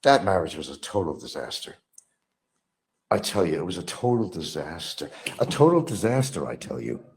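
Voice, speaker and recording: A middle-aged man ranting bitterly on a livestream, repeating himself, mocking others and swinging between low mutters and loud outbursts. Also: big pitch swings, normal speed. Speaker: livestream host. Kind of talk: rambling livestream rant.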